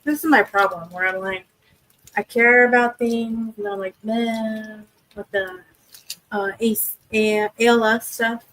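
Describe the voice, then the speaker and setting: The audio is rough, and the woman's somewhat bright voice runs on the high side with fairly even intonation at a measured pace. She's a young livestream host chatting casually with viewers from her home desk, rambling with many fillers and restarts.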